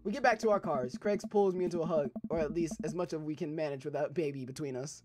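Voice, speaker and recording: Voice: medium pitch, quick pace, darkish tone, soft background music. A young adult let's play gamer reading a dating game's dialogue aloud and riffing on it in a loose, profane, laughing way. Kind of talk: casual let's play commentary, reading game text aloud.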